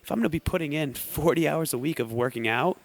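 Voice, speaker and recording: A young American athlete guesting on a podcast talks fast in a fairly high voice, chatting casually. He's an animated storyteller who acts out the quotes in his stories.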